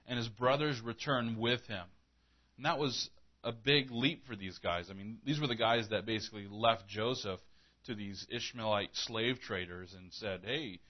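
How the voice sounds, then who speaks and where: A man's voice: on the low side, muffled recording. A man preaching a sermon in an earnest, conversational way, acting out the story as he retells it. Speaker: pastor.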